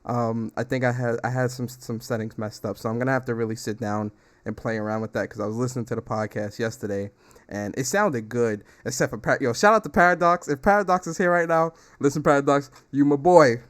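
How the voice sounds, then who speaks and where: A young man hosting a gaming podcast livestream, talking casually with slang, bursts of laughter and loud shout-outs to viewers, on a desktop mic at home. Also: medium pitch, fairly quick. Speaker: podcast host. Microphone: desktop streaming mic.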